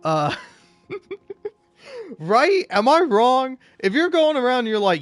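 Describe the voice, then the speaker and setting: A man's voice: extremely high pitch, very animated, takes it slowly, dry recording. A drunk man rambling profanely in casual gaming commentary, full of restarts and fillers. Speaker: gaming YouTuber.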